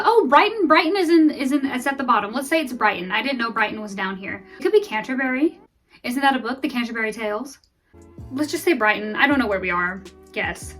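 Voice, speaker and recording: Female vlogger, rambling and self-deprecating play-by-play, slightly high voice. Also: a bit bright, recorded from a distance. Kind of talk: casual gameplay commentary.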